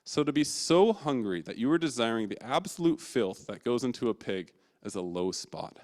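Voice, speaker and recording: A man's voice: mid-range voice, very animated, moderate pace, darkish tone. A man preaching a sermon in a casual, storytelling way, acting out the scenes himself. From England.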